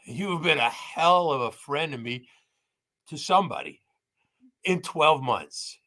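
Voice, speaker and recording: A man in his sixties speaking as a guest on a live show, halting and repeating words as he gives a heartfelt, teary tribute. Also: a little high, expressive, pushed and bright. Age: 60s. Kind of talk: emotional casual tribute.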